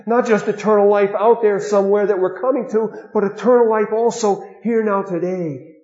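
A man preaching a sermon, earnest, dropping to a hush and then rising to emphatic stress. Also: sits high, steady tone, normal speed, echoey room, muffled recording. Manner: earnest, with sudden swings between hushed and emphatic.

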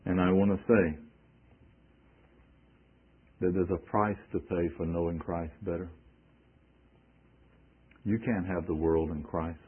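Deep, husky preacher on tinny radio. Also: male voice, fairly even intonation, slow, pauses often. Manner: emphatic, rhetorical questions, quoting scripture. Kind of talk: sermon.

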